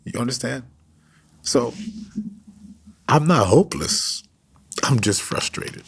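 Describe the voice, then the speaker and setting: A man preaching and praying in a livestream devotional, swinging between loud declarations and hushed whispers. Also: mid-range voice, lively intonation, slow, pauses often, breathy edge. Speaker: pastor. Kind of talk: devotional livestream sermon and prayer.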